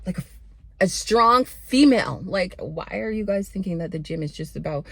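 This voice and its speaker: A woman's voice: mid-range voice, expressive, normal speed, gravelly, a bit bright, slightly rough, dry recording. A young woman giving a sassy, blunt motivational pep talk straight to her viewers and calling them honey and babe. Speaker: self-improvement vlogger.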